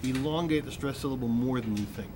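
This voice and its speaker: A man's voice: medium pitch, brisk. A man coaching singers in a masterclass, explaining patiently and often restarting his sentences. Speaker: vocal coach. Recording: noisy room recording.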